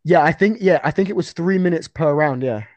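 A young man telling a fight story in a casual podcast chat, animated, with many restarts. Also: a little high, a little fast, no echo, highs cut off. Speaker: guest fighter.

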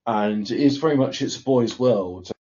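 A man co-hosting a casual podcast, talking in a measured, reflective way with small stumbles. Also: mid-range voice, mellow. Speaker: podcast co-host. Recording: muffled lo-fi mic.

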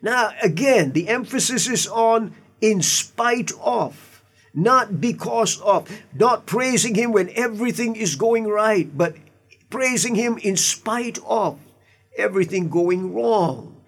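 A man's voice: high-pitched, slow, fairly bright tone, husky. A man, a pastor, preaching an earnest sermon with emphatic asides and repeated words. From Indian heritage.

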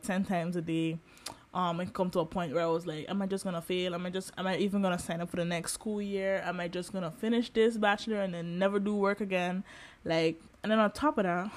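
Young woman, twenties, podcast host, candid personal monologue, animated, lots of fillers. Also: on the low side.

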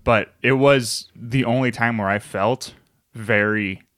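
A man's voice: medium pitch, steady tone, slow, fairly bright tone, dry recording, studio quality. A young man casually co-hosting a podcast, telling stories in a rambling, self-interrupting way. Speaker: podcast co-host. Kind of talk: casual chat.

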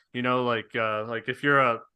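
A man's voice: mid-range voice, bright, forceful tone, smooth, dry recording, studio quality. A man co-hosting a podcast in casual chat, laid-back and loose, calling his friend dude and man. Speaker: podcast co-host.

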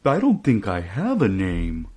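A man voicing a gentle dragon in a read-aloud storybook, speaking slowly and wonderingly. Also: low voice, wildly swooping pitch, husky, heavily acted. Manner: slow and wondering. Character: gentle, slow-thinking dragon.

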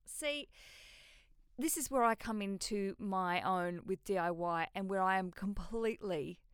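An Australian woman in her thirties hosts a solo podcast, rambling through stories with cheerful swearing and self-mocking asides. Her voice comes through smooth and clear. The room sounds close and dry. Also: mid-range voice, unhurried, no room sound. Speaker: podcast host. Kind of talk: casual solo podcast chat.

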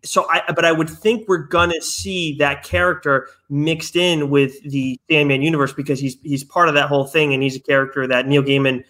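A man's voice: fairly high pitch, fairly even intonation, moderate pace, hardly any pauses, pushed and bright. A man co-hosting a podcast in casual chat, talking in long asides that trail off and restart. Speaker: podcast co-host.

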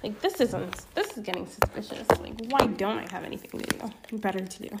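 Young woman, gravelly low edges, candid chatty vlog rambling, noisy backdrop. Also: animated, fairly quick. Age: young adult. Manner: candid, swearing, laughs at herself. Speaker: vlogger. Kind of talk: casual rambling monologue.

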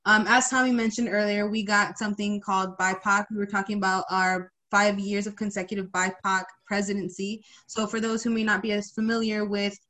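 A woman's voice: mid-range voice, level tone, brisk, hardly any pauses, pushed and bright. A young woman hosting a podcast, upbeat and chatty, with lots of fillers. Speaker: podcast host.

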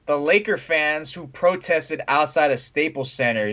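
A man's voice: a little high, animated, measured pace, a bit bright. A young man co-hosting a sports podcast, ranting in casual chat and laughing often. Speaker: podcast co-host. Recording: dull lo-fi sound.

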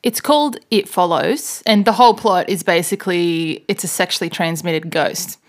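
A woman's voice: lowish voice, normal speed. A woman co-hosting a podcast, chatting casually and rambling through a story with frequent laughs. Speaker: podcast co-host. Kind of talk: casual chat.

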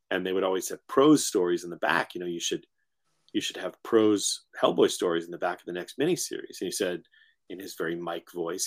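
A man as an author guest in a casual interview, telling stories in a relaxed way. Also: low voice. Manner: relaxed, storytelling.

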